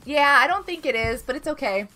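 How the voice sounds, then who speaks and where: A woman streamer chats her way through a game, giggling often and calling out viewers by name. Her voice sits high and bright. Faint music plays under her. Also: lively intonation, a little fast. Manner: chatty, giggly, greets chat by name. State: unwell. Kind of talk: live game stream chat.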